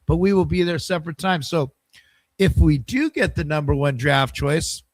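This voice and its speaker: A man's voice: fairly high pitch, lively intonation, normal speed, no echo. A man hosting a casual football fan show, rambling and hesitant, asking viewers for likes. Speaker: football fan channel host.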